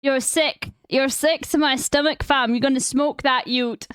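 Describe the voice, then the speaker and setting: A woman's voice: sits high, steady tone, a little slow, fairly bright tone, no echo, clean studio sound. A woman streamer in casual chat, blunt, teasing and full of swearing.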